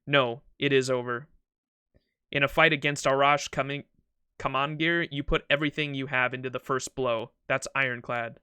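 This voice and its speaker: A man's voice: medium pitch, steady tone, moderate pace, bright, forceful tone, clean tone, dry recording, studio quality, lightly acted. A man voicing a proud, courteous knight swordsman from a game, reading his lines in a formal, solemn way.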